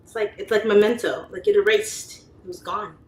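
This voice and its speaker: A woman's voice: medium pitch, fairly even intonation, normal speed, roomy sound, rough recording. A woman in her thirties hosting a casual livestream, chatting and laughing while reading out viewer comments. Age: 30s. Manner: chatty, laughs often, mimics voices when quoting. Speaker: livestream host reading chat. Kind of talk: casual chat.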